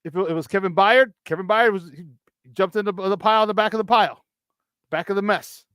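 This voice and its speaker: A high-pitched man hosts sports talk radio, ranting with heated emphasis and drilling his points in through repetition at a fairly quick clip. His tone is clean and a bit bright, and the close, dry recording carries no room sound.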